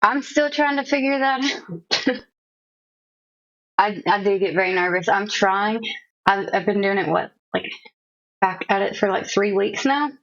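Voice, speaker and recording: A woman's voice: mid-range voice, a little slow, long pauses, a bit bright, no echo. A woman streamer chatting casually with her viewers, self-mocking and a bit nervous, laughing often. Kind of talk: casual chat with live chat. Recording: dull lo-fi stream audio.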